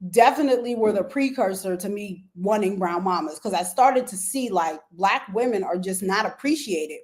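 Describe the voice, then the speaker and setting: A woman in her thirties hosting a casual talk show, telling a personal story and jumping up in pitch when she relives tense moments. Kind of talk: casual chat to a live audience.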